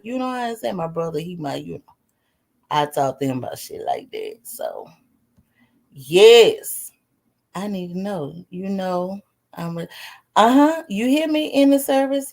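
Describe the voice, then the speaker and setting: Older woman telling a profane animated story. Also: mid-range voice. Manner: animated, profane, laughing often. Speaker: vlogger. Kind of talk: casual storytelling live stream.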